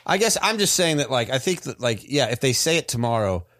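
A man's voice: mid-range voice, sing-song, brisk, a bit bright, no room sound, studio quality. A man hosting a podcast in casual chat, musing aloud with many restarts. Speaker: podcast host.

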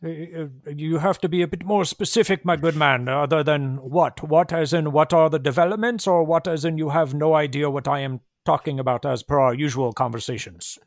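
A man's voice: fairly high pitch, a little fast, few pauses, no room sound, clean studio sound, lightly acted. A man voicing a formal, patronizing male vampire doctor in a tabletop game. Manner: prim, polite, patronizing.

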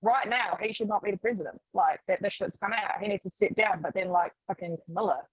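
A woman's voice: medium pitch, fast, husky, no echo. A woman guest in a casual chat, rambling with many fillers. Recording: dull dry sound.

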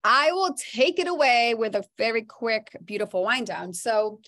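A woman co-host chatting on a casual podcast. She tells stories with animation and leaps into high, laughing bursts at the funny parts. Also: moderate pace. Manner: animated storyteller, jumps to high squeals when laughing. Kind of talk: casual chat.

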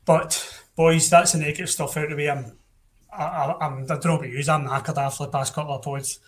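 A man's voice: fairly high pitch, flat delivery, a little fast. A young Scottish man hosting a casual football podcast, blunt and opinionated, often restarting his sentences. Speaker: podcast host.

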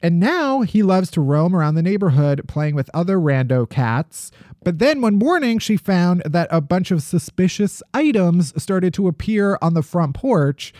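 A man co-hosting a podcast, telling strange news stories in a jokey, animated way. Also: sits high, normal speed, dry recording, clean studio sound. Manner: jokey, animated storytelling with laughs. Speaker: podcast co-host. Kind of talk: casual comedic news chat.

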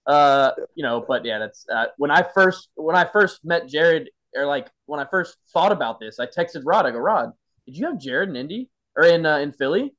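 A man's voice: on the high side, expressive, moderate pace, fairly bright tone. A man hosting a casual podcast chat, eagerly prompting his guest. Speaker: podcast host, former player.

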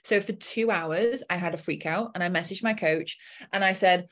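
Woman, coach, casual storytelling, lowish voice, lively acted-out inner voice. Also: normal speed. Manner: animated, acts out her own inner voice.

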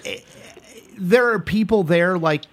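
Co-host guy, really high voice, rambly questions. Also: a little slow, a bit bright. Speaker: radio show co-host. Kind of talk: casual radio chat.

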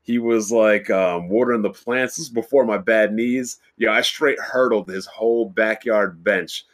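A man co-hosting a podcast, telling a profane childhood story in an animated, casual way. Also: fairly low pitch, moderate pace.

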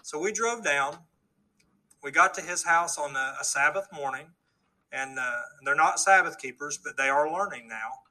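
A man's voice: a little high, normal speed, pushed and bright, rough recording. A middle-aged man earnestly telling his testimony story to a live audience, acting out the dialogue he quotes. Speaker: speaker giving a testimony.

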